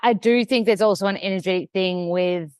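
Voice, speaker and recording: A woman's voice: medium pitch, fairly quick, a little mellow, clear, resonant tone, no echo, clean studio sound. A woman with an Australian accent, a podcast guest talking in a chatty, casual way, full of "like". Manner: chatty, peppered with "like".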